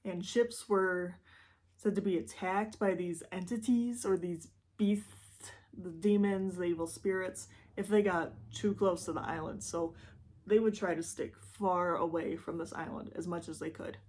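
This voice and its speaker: A young woman with a Midwestern Michigan accent, telling a true-crime story in a chatty, rambling, self-deprecating way, with lively jumps in pitch for emphasis. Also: measured pace, slight background noise. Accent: Midwestern American, Michigan. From Michigan, USA. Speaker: YouTube host.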